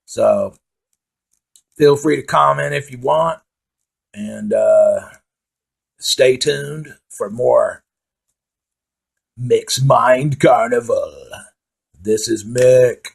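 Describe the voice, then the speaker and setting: A man's voice: mid-range voice, drawn-out words, gravelly, pauses often, husky. A man hosting his own comedy show, telling rambling, profane stories in a casual stand-up style. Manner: profane rambling with filler words. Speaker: comedian host.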